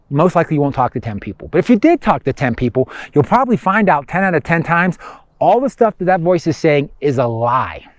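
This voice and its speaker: A man's voice: fairly high pitch, dry recording. A man giving a conversational motivational self-help talk, emphatic and repetitive. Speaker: motivational speaker.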